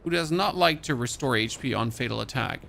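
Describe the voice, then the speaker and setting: A man's voice: mid-range voice, expressive, fairly quick, creaky, a bit bright, a little hiss or hum. A young man from Germany with a light German accent, casually commenting while playing a game and reading item notes aloud. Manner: chatty, reads in-game notes aloud, jumpy outbursts. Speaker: streamer. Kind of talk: gaming livestream commentary.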